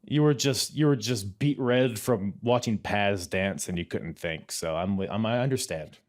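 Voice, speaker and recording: A man's voice: on the low side, a little slow. A man hosting a casual wrestling podcast, laid-back and laughing often. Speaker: podcast host.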